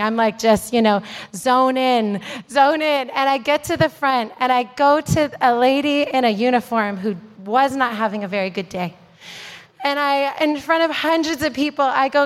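A woman from Canada delivers a sermon full of personal storytelling. Her voice sits high, and the sound rings out with long reverb through a large hall. She talks in an animated, self-deprecating way, playing out the dialogue as she goes. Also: moderate pace. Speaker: preacher.

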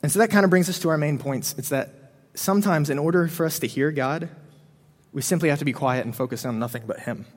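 A man's voice: fairly high pitch, fast. A man giving a casual sermon to students, retelling a Bible story in a chatty way with plenty of "um" and "you know". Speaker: preacher to students. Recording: reverberant hall.

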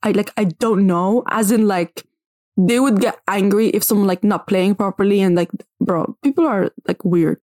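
A young woman vlogger ranting casually to camera, blunt and animated, with "like" in almost every phrase. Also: mid-range voice, moderate pace, dry recording, studio quality. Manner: blunt, animated, says "like" constantly.

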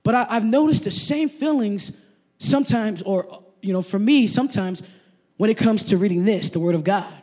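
A man in his thirties preaches in a church service, his voice pitched high for a man. He talks to the congregation like a friend, tags "right?" onto nearly every point, and tells his stories with animated energy. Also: normal speed. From Samoan family background. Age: 30s. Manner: animated storyteller, asks the crowd to repeat phrases. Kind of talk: sermon.

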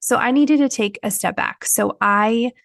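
The host, a woman whose voice sits on the high side with vocal fry, tells a personal story at an unhurried pace with no room sound. Her podcast talk is candid and chatty, with lots of fillers.

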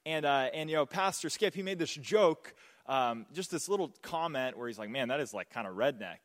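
A man preaching a sermon, telling stories and jokes in an animated way. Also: fairly high pitch, brisk, in a large hall. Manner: animated, joking, storytelling. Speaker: pastor.

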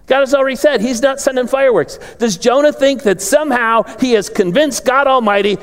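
A male pastor preaching, acting out Bible dialogue with sudden loud outbursts. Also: very high-pitched, a little fast, hardly any pauses. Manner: animated, voices characters with sudden loud outbursts. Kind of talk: sermon with acted-out Bible dialogue. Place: large church sanctuary. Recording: long reverb of a big hall.

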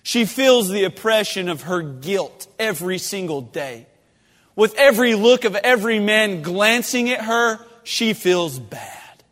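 High-voiced preacher in an echoing church. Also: male voice, lively intonation, unhurried. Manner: swings from loud, fervent pleading to hushed, low-voiced storytelling. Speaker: pastor. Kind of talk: sermon. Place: church sanctuary. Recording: long reverb of a church sanctuary.

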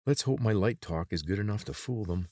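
A man's voice: on the low side, lively intonation, brisk, a little mellow, no room sound, clean studio sound, voice pushed up. A man voicing a bossy young woman scout who speaks in an urgent, hissing way. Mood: urgent, sly.

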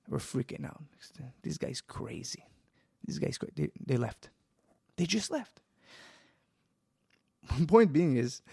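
A man telling a story in a casual interview, animated and swearing, acting out quoted lines. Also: mid-range voice, vocal fry, husky, dry recording, clean studio sound. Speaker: guest, jiu-jitsu school owner.

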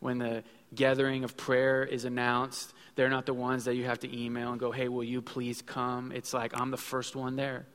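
A man's voice: mid-range voice, completely flat delivery, moderate pace, few pauses, fairly bright tone. A man in his thirties preaching a sermon in a conversational way, acting out little quotes as he goes. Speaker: pastor. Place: church sanctuary. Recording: long hall reverb with faint music.

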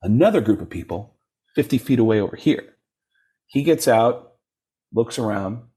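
A man with a slightly husky voice tells stories in a casual interview. His pitch swings widely as he goes. His delivery is animated and loose, the way a comedian chats. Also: moderate pace. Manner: animated storyteller, jumps into voices when quoting people. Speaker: comedian guest.

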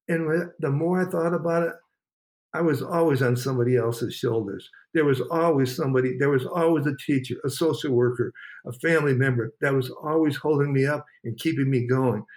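Male motivational speaker, slightly higher voice, earnest interview storyteller. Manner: earnest, emphatic, repeats phrases.

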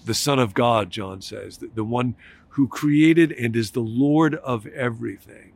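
A man preaching a sermon as a pastor, telling stories in a reflective way and slowing to stress key words. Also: mid-range voice, gravelly, darkish tone, no room sound.

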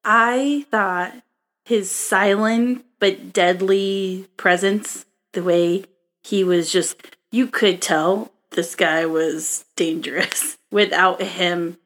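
Female podcast co-host, slow casual delivery, thinks aloud and trails off. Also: mid-range voice, steady tone, fairly bright tone. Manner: slow, searching, trails off mid-thought. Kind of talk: casual movie discussion.

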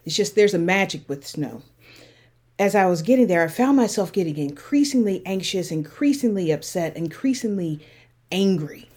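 A woman with a lowish voice hosts a solo podcast, speaking earnestly and reflectively. Her delivery turns impassioned and heated as she goes on. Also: a little mellow. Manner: earnest, impassioned, rising to anger. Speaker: podcast host.

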